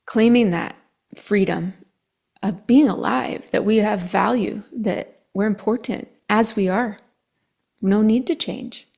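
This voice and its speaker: A woman astrologer speaking to her viewers in an earnest, emotional monologue that sometimes drops to a soft whisper. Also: medium pitch, takes it slowly, gravelly. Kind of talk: reflective monologue to camera.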